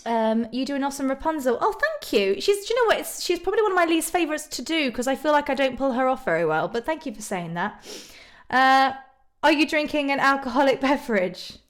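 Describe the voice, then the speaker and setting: A woman's voice: high voice, very animated, fairly quick. A woman from Ireland chatting casually on a live stream, reading out viewer comments and answering them. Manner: bubbly, frequent ums and laughs.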